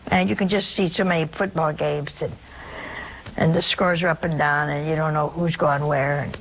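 A woman's voice: deep voice, fairly even intonation, normal speed, a little hiss or hum. A woman preaching a sermon in a folksy, humorous way, speaking directly to her listeners. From Italian family background.

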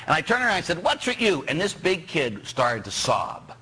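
A middle-aged man from Pittsburgh, a parish priest preaching a sermon, animated and joking as he quizzes his congregation. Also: a little high, a little fast, husky. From Pittsburgh, USA.

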